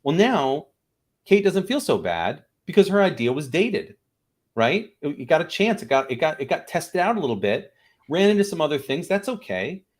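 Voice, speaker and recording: Animated man telling improv stories. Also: a little high, moderate pace. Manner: animated, acts out little voices in his stories. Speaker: improv teacher and guest. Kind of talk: casual interview chat.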